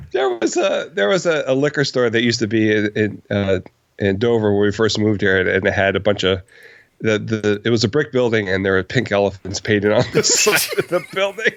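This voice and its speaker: A man's voice: fairly low pitch, expressive, moderate pace, no room sound, clean studio sound. A man chatting as a podcast guest, easygoing, chuckling, often restarting his sentences. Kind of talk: casual chat. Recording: dull lo-fi sound.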